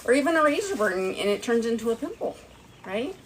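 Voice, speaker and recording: A woman's voice: fairly high pitch, big pitch swings, a little fast, very noisy. A woman rambling through a casual live product showcase, with a stern, firm voice and a habit of asking "right?" after each point. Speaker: TikTok live seller. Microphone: phone livestream.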